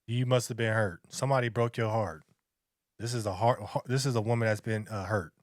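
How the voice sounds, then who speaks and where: A man's voice: on the low side, fairly quick, no echo. Socal guy in his 30s preaching dating advice, dry close sound. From Long Beach, California. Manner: lecturing, preachy, repetitive. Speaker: reaction video host. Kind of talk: reaction commentary.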